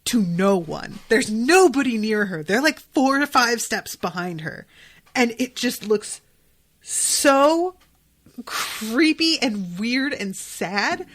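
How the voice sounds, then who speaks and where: Excitable chatty woman podcast host. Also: fairly high pitch, slow. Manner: chatty, excitable, swears freely, many fillers. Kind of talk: casual episode reaction commentary.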